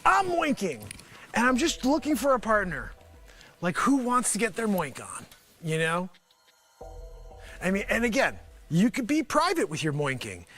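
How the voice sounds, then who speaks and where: A man hosting his own show, rambling through a sarcastic, excitable comic sales pitch. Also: normal speed, pauses often, faint music behind. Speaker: host. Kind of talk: comedic improvised pitch.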